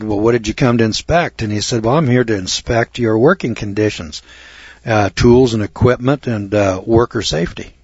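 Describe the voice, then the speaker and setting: A middle-aged man tells an audience a rambling, self-mocking story in a folksy lecture, repeating words as he goes. His voice is lowish and a little mellow with a breathy edge, captured on a dull, muffled, dry recording.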